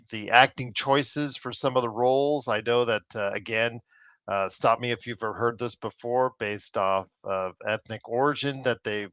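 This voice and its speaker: A man's voice: mid-range voice, bright, forceful tone, no echo. A man co-hosting a casual podcast over a call, talking in a rambling way with many fillers and restarts, tired of online controversies. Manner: exasperated about controversies. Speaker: podcast co-host. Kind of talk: casual chat. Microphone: remote call mic.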